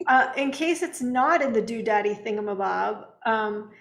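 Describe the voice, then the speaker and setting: A woman co-hosting a casual spiritual livestream from home, earnest and gentle with soft laughs, sounding tired. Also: fairly high pitch, lively intonation, normal speed, vocal fry, reverberant. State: tired, yawning. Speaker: co-host.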